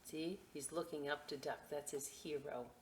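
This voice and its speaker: A woman reading picture books aloud at a library storytime, expressive and adding friendly asides for children. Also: low-pitched, a little hiss or hum. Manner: slow, expressive, chatty asides to kids.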